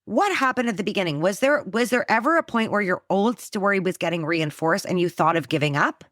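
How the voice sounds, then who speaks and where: A woman hosting a casual podcast conversation, talking in an animated, teacher-like way, quick to joke and swear. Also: medium pitch, no room sound, studio quality. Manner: coaching and teacher-like. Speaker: podcast host.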